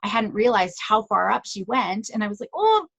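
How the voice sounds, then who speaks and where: A woman speaks to a room of parents in an easy, conversational way, often tossing in quick check-ins and stories from her own family. Her voice sits in a mid pitch. The recording is dry and close, with little room sound. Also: steady tone, gravelly, a bit bright, husky, dry recording. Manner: conversational, tag questions and personal anecdotes. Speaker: child psychologist giving a talk to parents. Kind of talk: presentation to parents.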